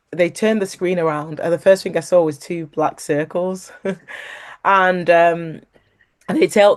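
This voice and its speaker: A woman, a guest sharing a personal faith story, who talks animatedly, laughs along the way and acts out what others said. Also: lowish voice. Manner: animated, acts out quoted voices; laughs while talking.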